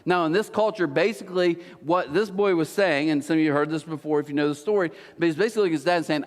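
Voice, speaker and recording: A man in his forties preaching a sermon, telling stories with lively acted-out quotes. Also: a little high, fast talker, hardly any pauses, long reverb tail. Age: 40s. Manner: animated storytelling, acting out quotes. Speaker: pastor. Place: church auditorium.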